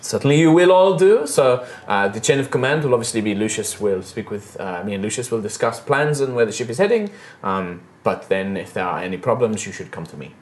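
A man's voice: on the low side, very animated, moderate pace, pitched below the performer's own voice. A man voicing an orc woman first mate with a French accent, formal and respectful. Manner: formal, respectful, slightly hesitant.

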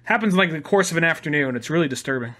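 Bright-voiced man rambling on a podcast. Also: on the high side, expressive, very fast. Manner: rambling, many fillers and restarts, profane. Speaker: podcast co-host. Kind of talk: casual chat.

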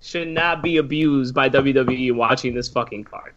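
A man's voice: mid-range voice, moderate pace. Ranting, swearing man on a podcast. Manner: loud, swearing, sarcastic ranting. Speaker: podcast co-host. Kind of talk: casual podcast rant. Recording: dull lo-fi sound.

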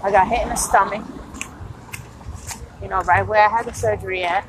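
A woman's voice: mid-range voice, fairly even intonation, brisk, background noise. A tired woman in pain, venting bluntly and profanely about customers at her retail job in a casual podcast monologue.

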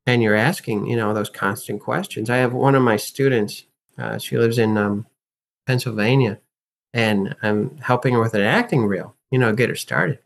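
A man's voice: mid-range voice, normal speed, creaky. A man talking as a guest in an interview, an acting and life coach who speaks emphatically and animatedly and teaches through rhetorical questions. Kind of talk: casual interview talk.

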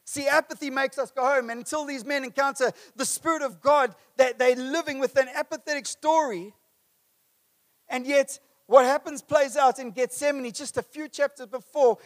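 High-voiced impassioned male preacher. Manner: passionate, rising to emphatic peaks then dropping low. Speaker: pastor. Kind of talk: sermon.

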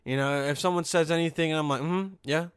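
A man's voice: fairly high pitch, fairly even intonation, quick pace, clean tone, no echo, clean studio sound. A young man hosting a podcast, ranting casually and profanely with lots of restarts and sarcastic asides. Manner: frequent restarts and "okay?" asides. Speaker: podcast host.

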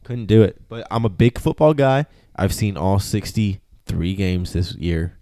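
A man's voice: sits low, unhurried, mellow, no room sound. A man co-hosting a sports podcast, cocky and swearing in casual banter. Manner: cocky, swears, repeats himself. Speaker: podcast co-host.

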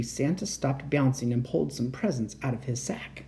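A man reading a children's picture book aloud as a bedtime storyteller, expressive and animated. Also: mid-range voice, moderate pace, creaky.

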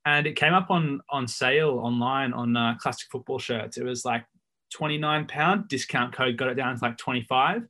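A man hosting a football podcast in a relaxed, chatty way, often pausing with ums. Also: mid-range voice. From England. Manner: laid-back, lots of ums and "so yeah". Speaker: podcast host. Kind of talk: casual chat.

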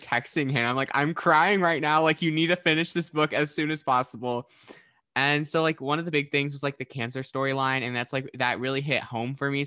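Man, young adult, casual chat, bright tone, crisp, dry sound. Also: mid-range voice, no echo. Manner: candid, repeats himself. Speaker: book club member.

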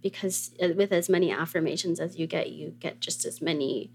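A woman hosting a podcast interview, relaxed and casual, saying "like" a lot. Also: on the low side, a little fast, slight background noise. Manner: relaxed, lots of "like". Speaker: podcast host.

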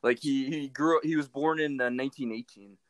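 A man's voice: mid-range voice, steady tone, a little fast, a crowd in the background. A man telling a story in a casual chat, acting out both sides of it in disbelief.

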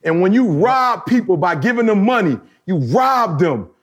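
A man's voice: sits high, sing-song, moderate pace, dull audio. A man co-hosting a podcast in casual chat, colloquial and emphatic, laughing through stories and hammering points home by repeating phrases. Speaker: podcast co-host.

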